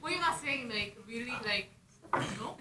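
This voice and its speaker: A woman's voice: fairly high pitch, expressive, moderate pace, sharp tone. A woman in a live comedy audience, calling out to correct the comedian. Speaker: audience member. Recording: distant voice heard over a noisy crowd.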